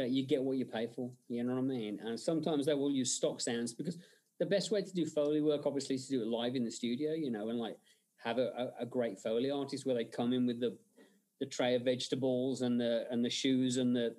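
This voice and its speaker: Speaking a little fast in a mid-range voice, a man interviewed casually as a guest (a special-effects artist and director) spins lively stories. He laughs frequently and fills his speech with fillers.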